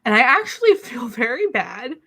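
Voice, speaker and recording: A woman vlogging from a small city apartment, talking in a loose, rambling, self-mocking way. Her voice sits a touch high, and she is a little out of breath with the odd cough. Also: very animated, normal speed, bright, forceful tone, slightly rough. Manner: rambling, self-deprecating, laughs often. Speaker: beauty YouTuber. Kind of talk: casual chatty vlog.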